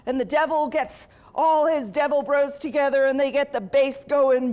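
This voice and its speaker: A woman's voice: high-pitched, fairly even intonation, normal speed, hardly any pauses, a little mellow. A woman hosting a comedy show, telling a playful story to a live audience and giggling along.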